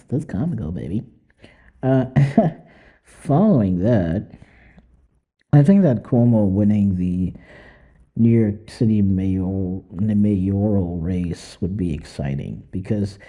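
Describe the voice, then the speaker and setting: A man's voice: fairly low pitch, mellow, breathy edge. A young man hosting a podcast alone, rambling in casual, profane commentary that mocks and laughs often. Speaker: podcast host.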